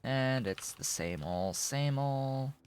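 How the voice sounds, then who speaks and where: A man's voice: mid-range voice, lively intonation, takes it slowly, darkish tone, clear, resonant tone. A man streaming a game, muttering offhand, dry remarks to himself as he builds. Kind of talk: casual gameplay commentary.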